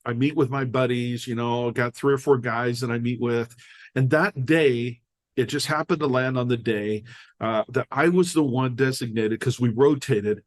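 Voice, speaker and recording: An older American man, a podcast guest, telling personal stories in casual conversation and acting out the dialogue. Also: mid-range voice. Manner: animated storyteller acting out dialogue.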